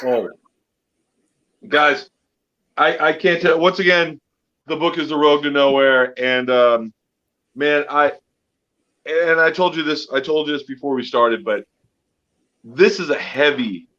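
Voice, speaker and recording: A man's voice: a little high, unhurried, long pauses, pushed and bright. Earnest male host, slightly dull audio. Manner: earnest, repeats and restarts. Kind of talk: casual chat.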